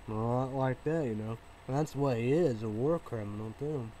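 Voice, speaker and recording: A vlogger delivers a casual monologue, rambling and repeating himself with plenty of fillers and restarts. He swings from low mumbling to loud outbursts at a moderate pace, and the audio quality is poor.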